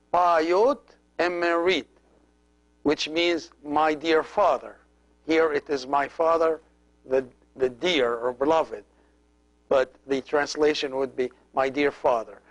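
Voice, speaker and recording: A man in middle age gives a language lesson at a measured, unhurried pace. His voice sits a little high for a man. He pronounces each word with care and repeats it so learners can follow. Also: lo-fi sound. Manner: slow, careful, repeats each word for practice. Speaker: priest teaching a language.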